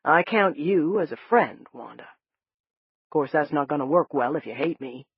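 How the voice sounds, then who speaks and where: A narrator voicing a folksy, gruff but kind older man in an audiobook, talking in a plain-spoken drawl. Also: medium pitch, expressive, measured pace, no echo, dull audio, exaggerated voice. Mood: earnest. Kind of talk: audiobook character voice.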